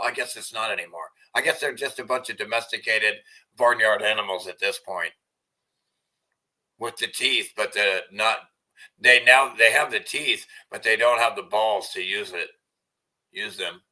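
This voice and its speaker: A man with a low voice and a very bright, piercing edge rants angrily about clips he plays. He swears constantly and often breaks into shouting. His talk is loose and off the cuff. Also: low-quality recording. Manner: profane, ranting, bursts into shouting. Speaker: video commentator. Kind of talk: angry reaction commentary.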